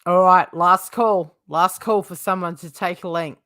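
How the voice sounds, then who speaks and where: A woman's voice: fairly low pitch, steady tone, a little slow, a bit bright, dry recording, studio quality. A woman hosting a livestream who gossips casually, swears freely and laughs often. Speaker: livestream host.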